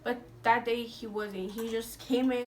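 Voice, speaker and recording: A woman's voice: fairly high pitch, fairly even intonation, measured pace, a little hiss or hum. A young woman vlogger chatting through a storytime, swearing freely, leaning on "like" and dropping Spanish slang. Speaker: beauty vlogger telling a story. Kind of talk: casual storytime monologue. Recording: voice a bit distant from the mic.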